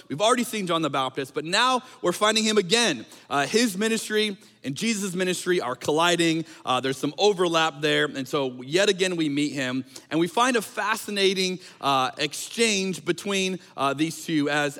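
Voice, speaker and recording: High-voiced pastor preaching in a reverberant hall. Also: male voice. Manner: animated and joking, acts out quotes with a raised voice. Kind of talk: conversational sermon.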